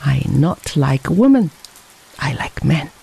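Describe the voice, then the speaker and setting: A reader voicing a frail, boyish young man from China who speaks in halting broken English. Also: medium pitch, very animated, vocal fry, warm tone, slightly rough, exaggerated voice, rough recording. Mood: earnest. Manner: halting, simple broken phrasing.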